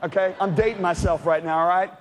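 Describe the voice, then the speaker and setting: High-voiced preacher in a reverberant hall. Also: male voice, fairly even intonation, fast talker, a little hiss or hum. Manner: dramatic storytelling, swinging from loud to hushed. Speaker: pastor. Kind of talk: sermon. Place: church sanctuary.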